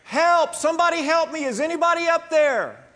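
A preacher shouting as a panicked man on a cliff. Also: moderate pace, big-room sound. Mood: panicked pleading. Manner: desperate high-pitched shouting and pleading.

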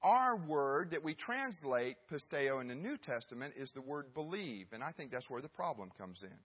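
A man's voice: mid-range voice, sing-song, moderate pace, a bit bright, slightly rough. A man giving a sermon as pastor, telling a story emphatically with some hesitant fillers.

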